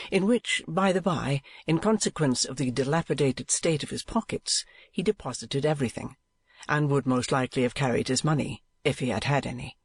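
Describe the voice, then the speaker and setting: A man giving a measured, expressive audiobook narration. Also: a little high, slightly rough, dry recording. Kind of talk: scripted narration.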